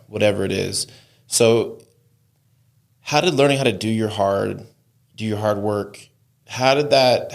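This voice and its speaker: A man's voice: fairly low pitch, vocal fry. A man hosting as a recovery coach, asking long winding questions with frequent restarts. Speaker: recovery coach and podcast host. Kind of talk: conversational interview.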